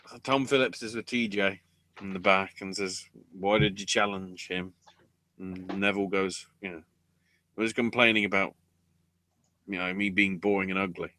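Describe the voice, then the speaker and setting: A man's voice: low-pitched, fairly even intonation, normal speed, pushed and bright, slight background noise. A man co-hosting a wrestling podcast, recapping matches in a sarcastic, sweary, casual way. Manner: sarcastic, swears freely, breaks into goofy voices.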